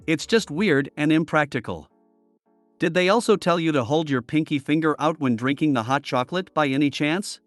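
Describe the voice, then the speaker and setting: A man reading online stories aloud as a narrator in a steady voice. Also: fairly high pitch, no echo. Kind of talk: scripted story narration. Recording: dry with faint music behind.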